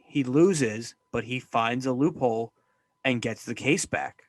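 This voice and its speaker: A man's voice: mid-range voice, unhurried, no echo. Wry male co-host, dry close sound. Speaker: podcast co-host. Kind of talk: casual wrestling chat.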